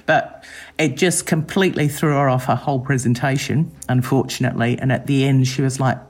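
A woman giving an interview, telling stories in a reflective way and slipping into lively voices when she quotes people. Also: very deep voice, fairly quick, slightly rough. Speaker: interviewee, former competition judge. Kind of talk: reflective storytelling.

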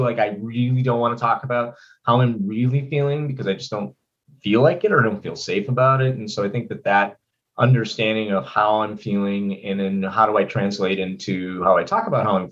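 A man hosting a podcast, introducing topics in a relaxed, casual conversation. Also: on the low side. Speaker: podcast host. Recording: dull, slightly lo-fi sound.

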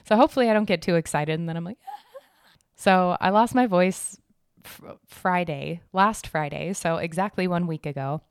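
A woman hosts her podcast from home, talking in a loose, rambling, chipper way, her lowish voice still a bit hoarse. The sound is close and dry on a desk mic. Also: normal speed, dry recording. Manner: chipper, rambling, laughs often. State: hoarse, recovering from lost voice. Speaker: podcast host. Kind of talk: casual chat. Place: home room decorated for Halloween.

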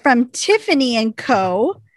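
A woman's voice: fairly high pitch, big pitch swings, takes it slowly, a little hiss or hum. A woman co-hosting a podcast, chatting casually and reading listener emails aloud, breaking into laughter. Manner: chatty, reads letters with bursts of laughter. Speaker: podcast co-host.

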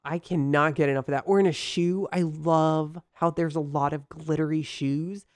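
A woman's voice: low voice, steady tone, moderate pace, a little mellow, no echo, studio quality. A woman co-hosting a podcast in casual chat, bubbly and rambling, laughing often as she talks. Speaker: podcast co-host.

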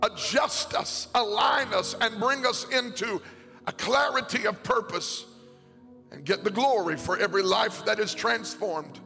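A pastor preaching a sermon to a congregation in a large church, his delivery rising into a sing-song cadence and shouted peaks. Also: high-pitched, unhurried, vocal fry. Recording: long hall reverb, faint music.

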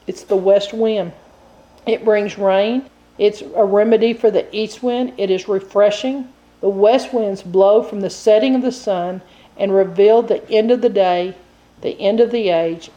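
Woman preacher, warm mellow voice, walks through bible verses like a teacher. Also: medium pitch. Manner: teaching verse by verse, explaining scripture. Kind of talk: sermon.

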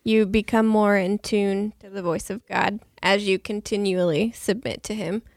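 A woman co-hosting a podcast, adding short, quiet comments. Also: mid-range voice, fairly even intonation, moderate pace, no room sound, studio quality. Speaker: podcast co-host.

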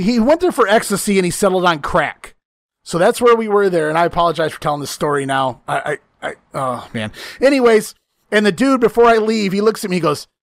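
A man's voice: high voice, vocal fry, dry recording. A man hosting a casual chat, telling a long profane story, often laughing and acting out the lines he quotes.

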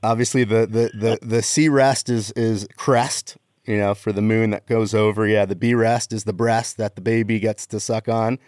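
A man's voice: fairly low pitch, level tone, normal speed, hardly any pauses, darkish tone, dry recording, clean studio sound. A man hosting a casual comedy podcast chat, rambling and repeating words as he searches for them.

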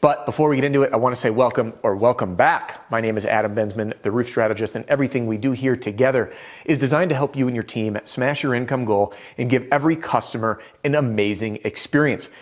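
A man with a voice of ordinary pitch gives a sales lesson straight to the viewer. He talks in an upbeat, direct coaching manner. Self-conscious chuckles sometimes break in between his points. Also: fast. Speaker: roofing sales trainer. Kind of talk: instructional video talk.

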